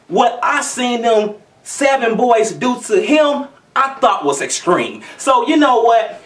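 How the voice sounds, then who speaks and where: A man's voice: extremely high pitch, sing-song, a little slow, fairly bright tone, recorded from a distance. Emphatic male vlogger, heated repetitive rant; roomy sound, set back from the mic. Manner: heated, emphatic, repeats himself. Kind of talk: ranting commentary vlog.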